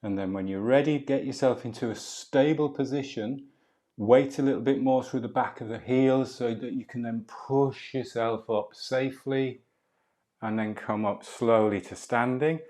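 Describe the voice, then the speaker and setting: A middle-aged man leads a live qigong and movement class, calmly cueing each breath and posture. His voice sits at an ordinary middle pitch, and he slips easily between slow instructions and relaxed chatty asides.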